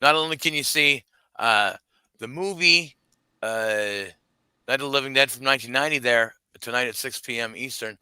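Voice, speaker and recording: Rambling male guest, bright voice. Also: mid-range voice, moderate pace, clean tone, no echo. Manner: rambling, hesitant, many fillers. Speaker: guest podcaster. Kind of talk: casual chat, plugging shows.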